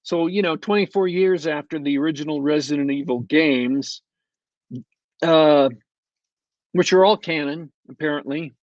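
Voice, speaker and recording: A man talks at an unhurried, drawn-out pace, sardonic and rambling as he reviews a show, filling gaps with ums and uhs. The sound is dry and a little muffled, like a plain home mic. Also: on the high side, dry recording. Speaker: podcast co-host reviewing shows. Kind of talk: casual podcast chat.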